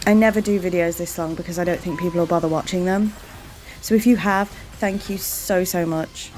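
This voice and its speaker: A woman hosting her gaming channel, giving chatty, rambling let's-play commentary and warmly thanking her viewers. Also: medium pitch, a little fast, slight background noise.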